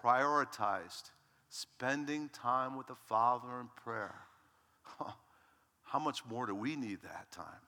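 Male pastor in his sixties, bright ringing tone, hall reverb; dramatic delivery from hushed to shouting. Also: medium pitch, takes it slowly. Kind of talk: sermon. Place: church sanctuary. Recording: long reverb in a large hall.

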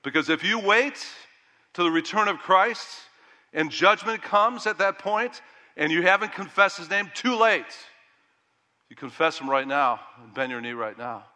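A middle-aged man preaching a sermon with animated delivery, rising loud and dropping to a hush. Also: high voice, moderate pace, in a large hall. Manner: animated preaching that rises loud and drops to hushed. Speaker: pastor.

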